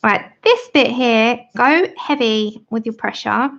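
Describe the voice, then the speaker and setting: Slightly high and expressive, her gravelly, fairly bright voice moves at a slow pace. The thirty-something livestream host giggles and chats casually while showing viewers her colouring and reading their comments aloud, over dull, lo-fi audio.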